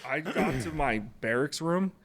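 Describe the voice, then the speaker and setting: This Alaskan former Marine tells casual podcast stories in a blunt, profane manner, laughing here and there. His voice is a little high and a bit bright, animated yet unhurried.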